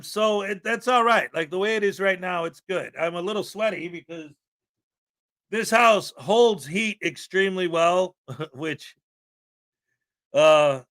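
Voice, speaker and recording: A man from the American Midwest hosting a live stream in casual chat, boisterous and given to loud hype shouts and laughter. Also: sits high. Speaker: livestream host. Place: house in Florida.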